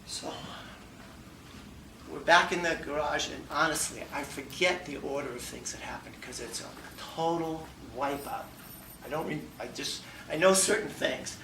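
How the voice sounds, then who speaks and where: Bright-voiced man telling a funny story. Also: fairly high pitch, normal speed, vocal fry, slight background noise. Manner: animated storyteller who acts out dialogue and laughs along. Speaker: humor contest speaker. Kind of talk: humorous personal story speech. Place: meeting room before an audience. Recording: echoey room, mic far off, faint ambience.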